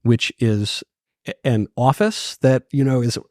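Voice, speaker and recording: A man's voice: medium pitch, a little slow, no room sound, studio quality. A man in his thirties, a podcast guest telling stories in casual, joking chat. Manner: lively, joking, lots of restarts.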